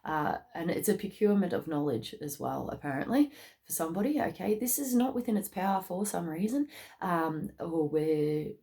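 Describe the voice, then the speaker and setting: A woman's voice: fairly low pitch, moderate pace. Chatty woman giving a tarot reading. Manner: chatty, tags lines with "okay?" and "mate"; bursts into excited rises. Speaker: tarot card reader. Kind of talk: casual spoken tarot reading.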